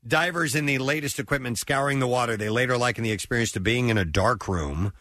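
A man's voice: medium pitch, fast talker, pushed and bright, no room sound, studio quality. A man hosting a casual podcast chat, reading an old news article aloud with hesitant fillers. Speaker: podcast host.

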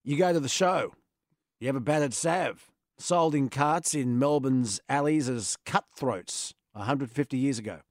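This Australian radio host muses aloud in relaxed, playful, enthusiastic on-air chatter. He speaks unhurriedly at medium pitch, and the recording is dry and studio-clean.

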